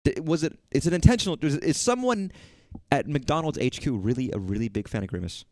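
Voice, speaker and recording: Man from Texas, streamer, casual rambling chat, swearing, animated pitch, dry close sound. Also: fairly quick, no echo.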